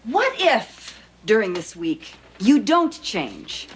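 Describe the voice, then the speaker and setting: An actress playing an exasperated sitcom wife, giving firm, clipped ultimatums. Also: female voice, mid-range voice, big pitch swings, slow. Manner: stern, clipped, dry ultimatums. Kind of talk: 1980s sitcom acting. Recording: studio audience laughter, noisy.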